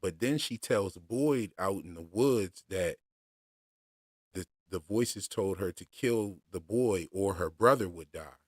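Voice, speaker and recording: A man with a very low voice talks slowly and casually to his livestream audience. He stops often for fillers and restarts his sentences. His voice sits close and dry on the microphone. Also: husky, no room sound. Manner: relaxed, unhurried, with many fillers and restarts. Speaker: streamer discussing show theories.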